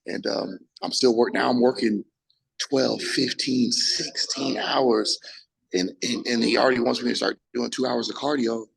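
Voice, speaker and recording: A young man, a bodybuilder, telling his story in a casual interview, animated and full of restarts, acting out quotes. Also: mid-range voice, a little fast, hardly any pauses, rough recording. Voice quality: gravelly, husky. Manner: animated, acts out quotes, frequent restarts and profanity.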